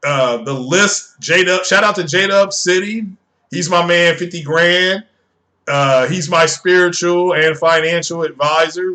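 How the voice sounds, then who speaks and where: A man chatting casually on a live stream, excitable and rambling, often repeating himself. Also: fairly high pitch.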